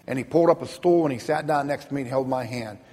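A man's voice: mid-range voice, fast, darkish tone, in a large hall. A middle-aged man giving an earnest, plainspoken personal testimony, sometimes repeating words when moved. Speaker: speaker telling a personal testimony.

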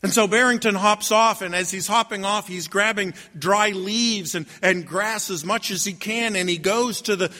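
High, bright-voiced male storyteller. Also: normal speed, few pauses, long reverb tail. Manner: repeats and restarts, gentle told-aloud pace. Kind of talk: oral storytelling.

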